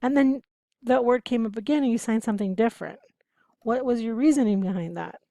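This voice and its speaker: Woman teacher explaining things casually, kinda gravelly voice, asks a lot of questions. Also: on the high side, brisk, warm tone, no echo. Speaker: interpreting instructor. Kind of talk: lecture to students.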